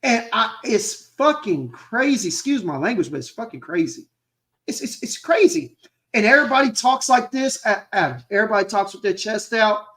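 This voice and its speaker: A man co-hosting a casual chat, caught mid-rant. He swears freely and hammers the same points over and over, loud and emphatic. He sounds like he is talking on a video call from home. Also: sits high, animated, moderate pace. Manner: profane, emphatic, repeats himself. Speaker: co-host.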